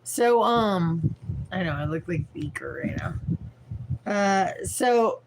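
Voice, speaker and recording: Tired, rambling woman from the Midwest, slow. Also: on the low side, animated, noisy background. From Midwest US, St. Louis. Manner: rambling, frank, swears casually, many fillers. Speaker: vlogger livestreaming. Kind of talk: rambling casual livestream chat.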